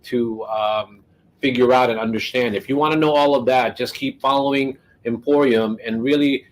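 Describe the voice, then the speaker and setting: A man's voice: medium pitch, fairly even intonation, normal speed, low-quality recording. A man hosting a live product demo, chatting casually and talking while he eats. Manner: chatty, talks while eating. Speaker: show host. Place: US studio.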